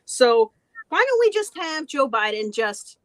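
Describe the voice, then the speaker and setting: A woman's voice: high-pitched, big pitch swings, unhurried, fairly bright tone, poor audio. A woman hosting a podcast, explaining in casual chat and laughing often. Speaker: podcast host.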